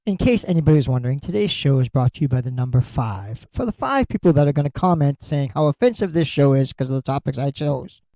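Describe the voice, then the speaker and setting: A man's voice: medium pitch, lively intonation, quick pace, few pauses, mellow, no room sound, low-quality recording. A middle-aged man hosting a solo podcast, talking bluntly and candidly and swearing freely. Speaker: podcast host.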